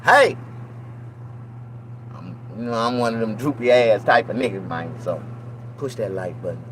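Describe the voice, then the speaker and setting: Talking at medium pitch over poor audio and a little background noise, this middle-aged Mississippi man rambles casually to his viewers in a Southern accent. He's a vlogger, loose and profane, animated, with mock-preaching asides thrown in.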